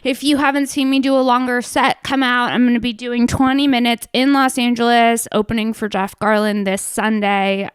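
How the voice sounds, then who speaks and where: A woman's voice: a little high, level tone, moderate pace, hardly any pauses, smooth, no echo, studio quality. Brash, profane young woman comedian. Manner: brash, profane and playful, swinging from hushed asides to loud outbursts. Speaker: comedian hosting her own show. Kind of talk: casual comedic monologue.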